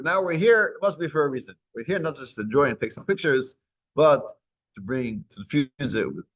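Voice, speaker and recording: A man's voice: mid-range voice, a bit bright. A man teaching a weekly Torah class, retelling a story and acting out its dialogue. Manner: acts out dialogue in retold stories.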